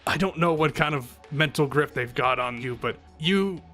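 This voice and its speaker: A man's voice: fairly high pitch, moderate pace, sharp tone, faint music behind. A man voicing a frank woman ally who talks bluntly and casually. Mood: urgent.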